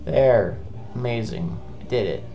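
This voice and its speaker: A woman doing let's play commentary, ranting in exasperation with heavy swearing and sudden bursts of shouting. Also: a bass voice, animated, measured pace, over music, rough recording. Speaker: gameplay commentator.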